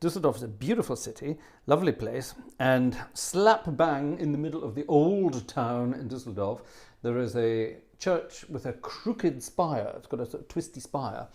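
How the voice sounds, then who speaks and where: A middle-aged man chats casually to his live-stream viewers between pieces. He rambles from story to story with jokey asides, in a medium-pitched voice. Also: animated, normal speed, a little mellow. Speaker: organist and livestream host.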